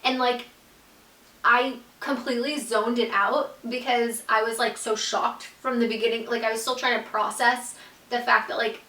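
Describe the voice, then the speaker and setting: Bright-voiced chatty woman telling a story. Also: fairly high pitch, little pitch movement, moderate pace, reverberant, distant mic, rough recording. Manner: chatty, fills speech with "like", acts out quoted dialogue. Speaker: YouTube storyteller. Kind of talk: casual storytime monologue.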